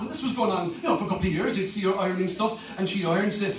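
A man's voice: high voice, fast, few pauses, very echoey, recorded from a distance, rough recording. An Irish man in his fifties, a pastor preaching a humorous, storytelling sermon. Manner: animated, humorous, conversational.

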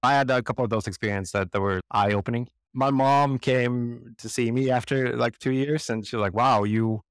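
A Swedish man speaks in a mid-range voice at a brisk clip, recorded dry. He's an interview guest telling stories conversationally, animated and acting out the voices of the people he quotes.

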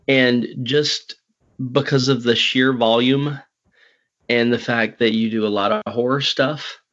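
Rambling, excitable male podcast host. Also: medium pitch, measured pace, highs cut off. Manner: rambling, excitable, laughs often. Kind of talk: casual interview chat.

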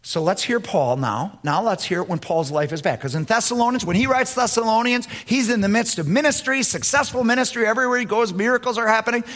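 A man preaching a sermon as pastor, swinging between loud emphatic lines and low, quiet asides. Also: fast, hardly any pauses.

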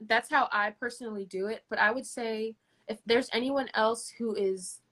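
A woman's voice: medium pitch, a bit bright. A woman answering as a guest in a livestream interview, earnest and encouraging, with restarts.

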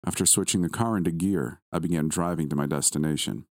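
Very deep guy reading a creepy first-person story, slow and grave, dry close mic. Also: a little mellow, no echo. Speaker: story narrator.

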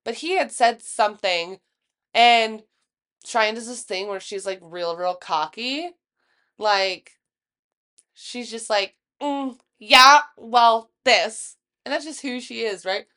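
A woman's voice: mid-range voice, slow, long pauses. A young woman co-hosting a podcast, telling a story in casual chat and acting out what everyone said, with plenty of swearing. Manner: animated storyteller, swearing, acts out quotes. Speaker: podcast co-host.

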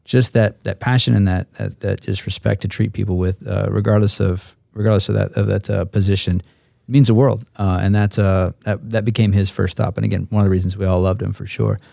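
Male instructor pilot, dark gravelly tone, dry close mic, rambling anecdotal delivery. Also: fairly low pitch, steady tone, no echo. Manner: halting, repeats words, restarts. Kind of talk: roundtable storytelling.

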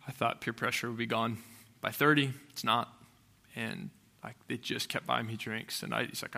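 A man's voice: medium pitch, measured pace, gravelly, long pauses, bright, forceful tone. A man in his thirties, a pastor preaching a sermon in a conversational, storytelling way that rises to emphatic peaks.

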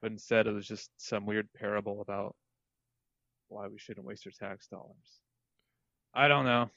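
A man's voice: on the low side, steady tone, normal speed, gravelly, sharp tone, no echo. A man co-hosting a casual chat, dropping dry, sarcastic asides. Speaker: podcast co-host. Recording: dry, dull lo-fi mic.

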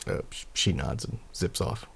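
A man narrating as game master of a tabletop game, playful and lively. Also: moderate pace.

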